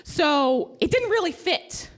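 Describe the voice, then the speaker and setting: A woman's voice: very high voice, very animated, slow pace. A woman telling a funny, self-deprecating personal story on stage. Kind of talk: live comic storytelling. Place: stage before a live audience.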